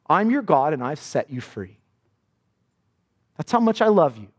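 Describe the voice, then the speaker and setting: A man's voice: a little high, big pitch swings, measured pace, pauses often. A man preaching a sermon, reading scripture aloud with dramatic emphasis. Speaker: pastor.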